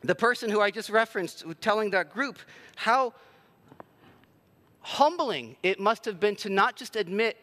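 A man's voice: high voice, animated, measured pace, pauses often, pushed and bright. A man preaching a sermon in a conversational, self-deprecating way with plenty of filler words. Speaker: pastor.

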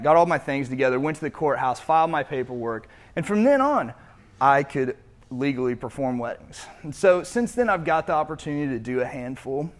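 Guy preaching, reads the bible then retells it super casual. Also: on the high side. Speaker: pastor. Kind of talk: sermon with scripture reading.

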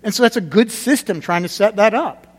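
A man with a fairly high voice preaches a sermon in a church sanctuary, his words trailing off into a long hall reverb. He talks like a pastor chatting with his flock, hammering short phrases through repetition, then sinking low and quiet for the heavy parts. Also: brisk, slightly rough. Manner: conversational preaching, emphatic repetitions, drops to quiet gravity.

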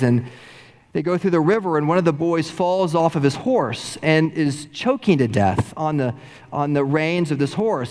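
A man's voice: fairly high pitch, darkish tone, long reverb tail. A man preaching a sermon, telling a story and acting out quoted lines with rising emotion. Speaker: pastor.

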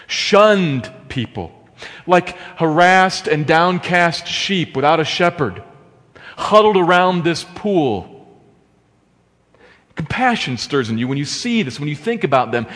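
Preacher man in a reverberant hall. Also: fairly high pitch. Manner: impassioned, rising to exclamations and rhetorical questions. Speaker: pastor. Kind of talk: sermon.

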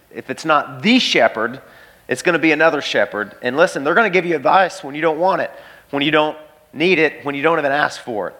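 A man's voice: on the high side, fairly bright tone. A pastor preaching an emphatic sermon in a church, repeating key phrases and speaking straight to his listeners.

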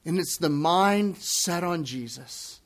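Slow, high-voiced male pastor preaching. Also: animated. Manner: emphatic, deliberate, repeats key phrases. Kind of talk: sermon.

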